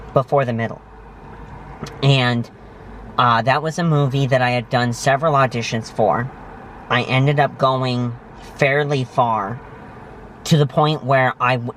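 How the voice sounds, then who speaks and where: A man's voice: medium pitch, fairly bright tone, a little hiss or hum. A man hosting his own vlog, telling stories to the camera in an enthusiastic, effusive way. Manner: enthusiastic, effusive, heavy on praise words. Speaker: vlog host. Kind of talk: casual storytelling to camera.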